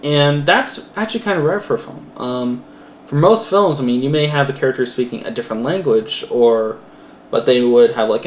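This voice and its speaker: A man casually reviewing a film for a class, rambling with many fillers and self-corrections. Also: mid-range voice. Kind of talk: casual spoken movie review. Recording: roomy echo, faint background noise.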